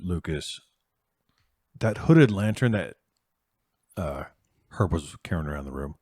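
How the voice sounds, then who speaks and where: A young man running a tabletop game as game master, telling the scene in a casual, animated way. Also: low-pitched, no room sound, clean studio sound. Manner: animated, casual storytelling with fillers.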